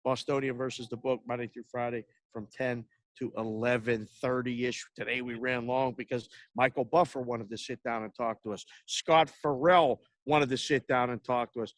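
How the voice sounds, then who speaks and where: A man's voice: mid-range voice, fairly even intonation, moderate pace, dry recording. A man hosting a sports betting podcast, talking in a rambling, brash, casual way and swearing freely. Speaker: podcast host.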